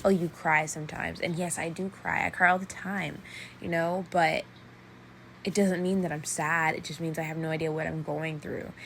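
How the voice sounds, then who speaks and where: A young woman talks straight to her listeners on a solo podcast, earnest and emphatic, stacking repeated phrases to drive each point home. Her voice sits slightly low for a woman. A faint room ambience hums behind her. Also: flat delivery, normal speed, creaky, fairly bright tone, slight background noise. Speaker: podcast host. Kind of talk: personal solo podcast talk.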